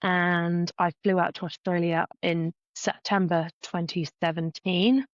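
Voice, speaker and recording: A young woman from England, a guest talking briskly about her past in a recorded interview. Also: fairly low pitch, level tone, dry recording, muffled recording.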